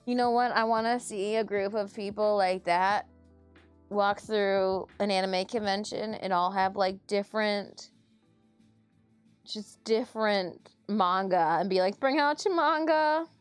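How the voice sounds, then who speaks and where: Woman, streamer, casual chat, unhurried, soft music behind. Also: medium pitch, clear, resonant tone. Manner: chatty and animated.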